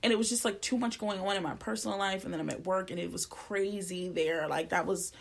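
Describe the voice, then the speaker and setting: A woman's voice: medium pitch, fairly quick, gravelly. A woman co-hosting a podcast in casual chat, blunt and profane, telling her stories with animation. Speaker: podcast co-host.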